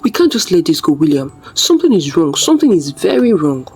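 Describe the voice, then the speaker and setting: A storyteller voicing a panicked young mother who shouts accusations in a raised voice. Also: mid-range voice, big pitch swings, fairly quick, husky, faint music behind. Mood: distressed.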